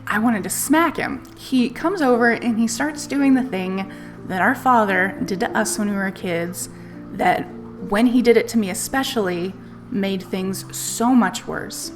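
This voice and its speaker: A woman's voice: mid-range voice, a little slow. Candid woman telling a story. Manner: candid, swears freely, laughs while telling. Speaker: streamer. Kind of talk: casual storytelling on a live stream. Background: faint music playlist.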